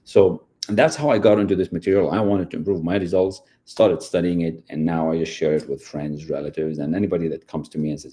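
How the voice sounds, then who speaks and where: Low, dark-voiced motivational speaker. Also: male voice, fast talker, few pauses. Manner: earnest, repetitive, addresses listener directly. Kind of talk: motivational talk.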